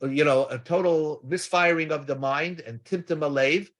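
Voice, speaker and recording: A man's voice: a little high, a bit bright. Man teaching Talmud readings. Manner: halting explanation with frequent restarts, mixing Hebrew-Aramaic readings with English. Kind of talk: Daf Yomi lecture.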